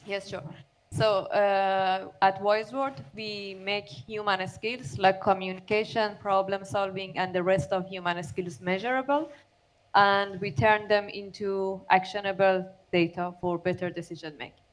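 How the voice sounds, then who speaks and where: A woman's voice: mid-range voice, fairly even intonation, unhurried, poor audio. A woman startup CEO giving a polite, concise introduction on a panel. Her voice sits in a middle register.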